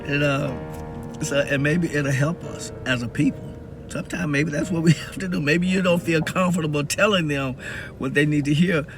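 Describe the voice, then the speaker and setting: A man from the Southern US talking to camera in a casual, preaching monologue and laughing often between points. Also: medium pitch. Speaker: video blogger.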